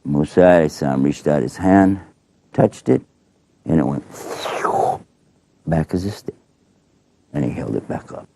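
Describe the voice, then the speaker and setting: A man telling a religious story to children in a folksy, animated way. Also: extremely low pitch, a little slow, creaky, long pauses, a little hiss or hum.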